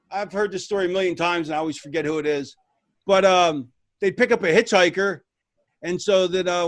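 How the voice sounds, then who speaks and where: Casting: man, high voice, dry close sound, rambling anecdote-teller, loose and casual. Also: no room sound. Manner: rambling, restarts, lively retelling with voices. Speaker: retired wrestler guest. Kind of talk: casual storytelling.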